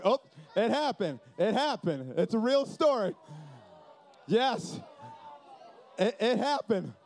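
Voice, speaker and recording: A young man speaking from a stage to a live audience, telling a story in an animated sermon and acting out the voices in it, swinging from loud to hushed. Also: sits high. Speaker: youth camp speaker.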